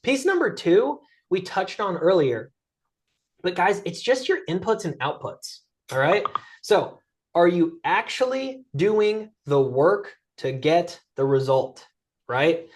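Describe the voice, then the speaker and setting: An energetic, middle-aged male sales coach talks through a webinar presentation in a lively, conversational way. His voice sits a bit higher than most men's, and he keeps tagging his points with quick check-ins to the audience. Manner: energetic, conversational, peppers lines with "right?" and "guys". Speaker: guest speaker and sales coach.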